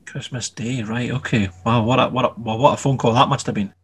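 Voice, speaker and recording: Husky Scottish male interviewer. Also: medium pitch, steady tone, fairly quick, fairly bright tone. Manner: hesitant, lots of fillers and restarts. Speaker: interviewer, host. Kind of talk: interview questions.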